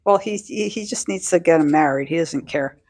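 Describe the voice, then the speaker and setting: A woman's voice: sits low, brisk, a little mellow. A woman co-hosting a casual podcast chat, answering in short agreeing replies with hesitant restarts. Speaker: podcast co-host.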